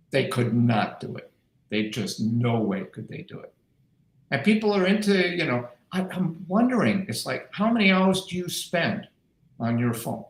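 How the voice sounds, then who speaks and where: A middle-aged man hosts a casual chat and tells stories with animated emphasis. His voice sits in a middle pitch. The room around him is echoey. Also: unhurried. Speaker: podcast host, doctor.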